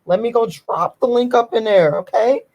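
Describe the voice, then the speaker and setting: A woman's voice: fairly high pitch, moderate pace, darkish tone, rough recording. Indignant woman ranting to her viewers. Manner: emphatic, repeats phrases, talks straight to her viewers. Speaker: vlogger. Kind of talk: ranting video commentary.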